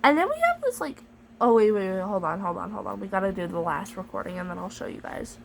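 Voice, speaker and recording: A woman's voice: medium pitch, very animated, fast talker, gravelly, a little hiss or hum, poor audio. A woman vlogger in casual chat to camera, chatty, jokey and playfully dramatic as she reviews a storybook device.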